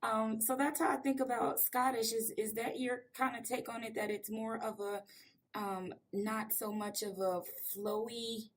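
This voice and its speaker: A woman's voice: on the high side, level tone, measured pace. An American woman hosts a casual interview over a video call. She rambles, thinks aloud and laughs often as she talks. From United States. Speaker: podcast host. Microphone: remote call on video.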